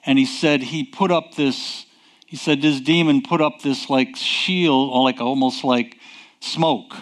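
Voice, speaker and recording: A male preacher delivering a sermon at an unhurried, drawn-out pace. His pitch sits in a middling range, and he leans on each point, asking questions and answering them himself. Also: steady tone. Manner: slow, emphatic, asks rhetorical questions and answers them.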